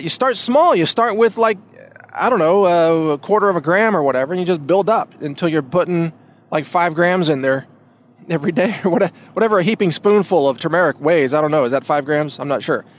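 A man on his own podcast, his voice pitched a little high for a man. He talks in a loose, rambling monologue, doubling back on his words and leaning hard on emphatic points. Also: animated, brisk. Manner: rambling, emphatic, many restarts. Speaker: podcast host. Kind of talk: casual monologue.

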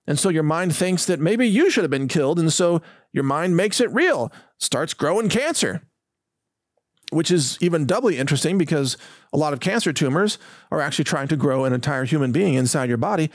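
A man's voice: fairly high pitch, animated, a little fast, dry recording, clean studio sound. A man hosting his own show, delivering an emphatic, indignant, mocking monologue. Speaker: host. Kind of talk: ranting monologue.

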